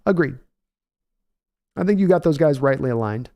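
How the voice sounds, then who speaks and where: A man's voice: fairly high pitch, expressive, normal speed, creaky, warm tone. A man hosting a podcast who answers viewer questions in casual chat, thinking aloud and often restarting his sentences.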